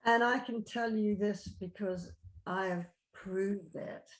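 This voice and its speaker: A woman's voice: mid-range voice, steady tone, takes it slowly. A middle-aged woman, a life coach, talking earnestly and encouragingly to a client. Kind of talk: coaching conversation. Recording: echoey room.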